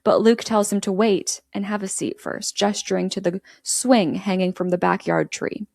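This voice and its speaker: Host, woman, chatty movie recap, gravelly voice, dry close sound. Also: medium pitch, fairly even intonation, normal speed, darkish tone, no echo. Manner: chatty, giggly, quotes characters in passing. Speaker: podcast host recapping a film. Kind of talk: casual storytelling recap.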